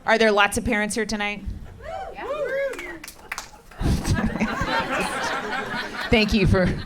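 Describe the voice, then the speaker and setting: A middle-aged woman performing stand-up comedy on a club stage, with deadpan, brash, swearing punchlines. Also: mid-range voice, slow, noisy background. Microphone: handheld stage mic. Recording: live club recording with loud crowd. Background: audience laughter.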